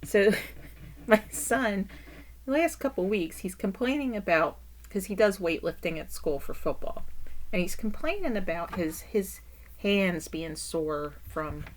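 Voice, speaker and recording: A middle-aged woman vlogs casually about being a caretaker and a parent. Her mid-range voice is unhurried, and she keeps breaking into laughter and animated, exaggerated asides.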